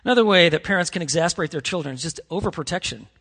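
A man's voice: on the high side, animated, racing, a bit bright, in a large hall. A man preaching a sermon as pastor, earnest and conversational, with frequent restarts and fillers. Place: church sanctuary.

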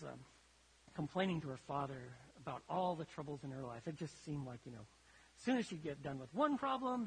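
A man preaching a sermon to his congregation, emphatic, his voice swelling and then dropping low for effect. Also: breathy edge. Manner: emphatic, rises and drops sharply for effect. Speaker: pastor. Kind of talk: sermon with a story. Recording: long hall reverb.

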